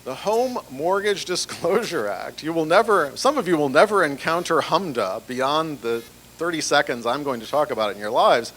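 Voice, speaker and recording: A man's voice: on the high side, expressive, normal speed, fairly bright tone, slight background noise. A man giving a conference presentation on banking compliance in a chatty, conversational way, with fillers and restarts. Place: large breakfast event room.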